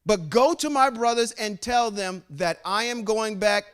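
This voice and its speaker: A man's voice: high voice, a little slow, hardly any pauses, fairly bright tone, clear, resonant tone. A man leading a bible study, reading verses aloud and stopping often to explain and check with his listeners. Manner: reads scripture aloud, stops to explain and ask the group. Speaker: scripture teacher.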